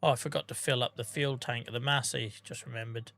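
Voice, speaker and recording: A man's voice: mid-range voice, fairly even intonation, quick pace, gravelly, a bit bright. A man streaming a game, chatting casually with his viewers by name and humming to himself between remarks. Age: adult with a day job. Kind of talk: casual livestream chat while gaming.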